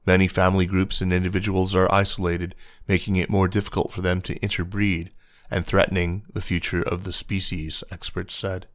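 A man giving a scripted news feature narration in an even, measured reading. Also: low voice, no room sound, clean studio sound.

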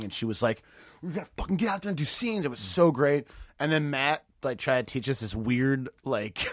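A man's voice: mid-range voice, no echo. A man in casual podcast chat, telling stories with lots of laughter and swearing. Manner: animated storyteller, laughs often, swears freely. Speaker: comedian guest.

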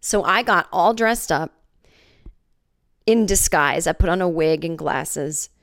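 A woman in her forties speaks slowly in a fairly low voice while hosting a solo comedy podcast. Chatty and full of jokes, she narrates a made-up story and voices its characters.

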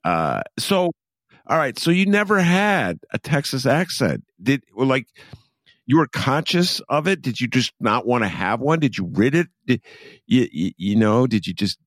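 A man's voice: mid-range voice, expressive, normal speed, no room sound, clean studio sound. A man hosting an interview, laughing easily and talking with many fillers and restarts. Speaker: interview host. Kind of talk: conversational interview.

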